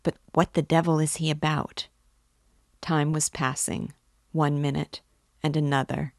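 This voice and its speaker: A woman reading a classic novel aloud as a guide, with measured, even narration. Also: deep voice, gravelly, no room sound, studio quality.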